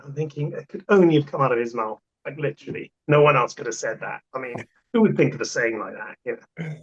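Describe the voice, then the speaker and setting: A man's voice: medium pitch, fast talker, a little hiss or hum. Emphatic man telling stories, dull lo-fi sound. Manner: emphatic, repeats himself for effect. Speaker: portable toilet supplier, podcast guest. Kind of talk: casual storytelling.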